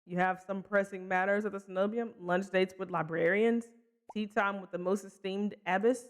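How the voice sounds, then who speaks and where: Smooth teasing guy, sly and smug, game dialogue read out by a woman. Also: mid-range voice, fairly even intonation, normal speed, lightly acted. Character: sly mocking male stranger, smooth talker. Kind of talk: reading game dialogue aloud.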